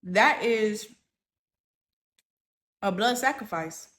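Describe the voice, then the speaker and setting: A young woman talks to her viewers in a loose, casual rant. Her voice sits at an ordinary middle pitch, and she chats freely, sometimes through a mouthful of food. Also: animated, extremely slow, fairly bright tone. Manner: casual, chatty, talks while eating. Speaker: vlogger.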